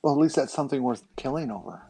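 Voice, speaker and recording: A man's voice: mid-range voice, expressive, rapid-fire, vocal fry, warm tone, slightly rough, no echo, faint music behind, poor audio. A man in casual podcast chat, making dry, teasing jokes.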